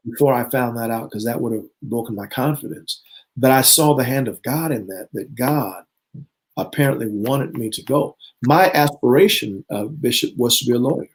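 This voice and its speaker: An earnest man in his fifties recounts his own testimony as a guest bishop. His pitch sits right in the ordinary middle for a man, and he slips into remembered dialogue as he tells it. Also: poor audio. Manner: earnest storyteller who acts out remembered dialogue. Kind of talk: personal testimony in conversation.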